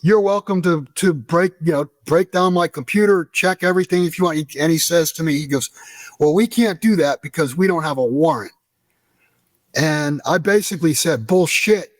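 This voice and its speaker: A middle-aged American man telling a story as an interview guest, animated and profane, acting out the dialogue. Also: a little high, normal speed, no echo. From United States.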